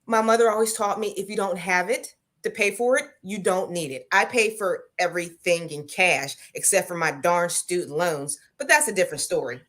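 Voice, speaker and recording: An American woman in her forties chatting casually on a livestream, telling relaxed stories and reading out viewer comments. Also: on the low side, normal speed, few pauses. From Pennsylvania, US. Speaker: co-host, crochet creator.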